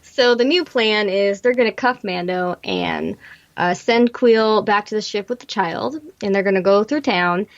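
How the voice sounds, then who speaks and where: A woman's voice: medium pitch, a little slow. A woman co-hosting a podcast, recapping a show in chatty, rambling talk and laughing often. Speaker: podcast co-host. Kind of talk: casual recap chat. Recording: muffled lo-fi audio.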